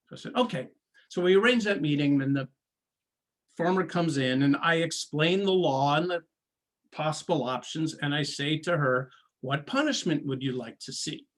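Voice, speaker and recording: A man, a former prosecutor, telling a story in a talk, slow and deliberate, acting out the people he quotes. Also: on the high side. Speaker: guest speaker, former prosecutor.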